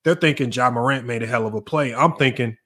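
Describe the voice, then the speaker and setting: A man's voice: mid-range voice, fast talker, a bit bright. A man who coaches basketball, talking in a casual sports debate, emphatic and often repeating words as he builds a point. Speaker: basketball coach and podcast host.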